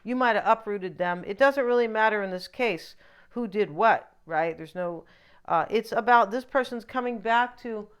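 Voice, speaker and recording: A woman's voice: medium pitch, normal speed, clear, resonant tone. A woman giving a casual tarot reading, rambling and opinionated, with frequent asides. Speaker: tarot reader.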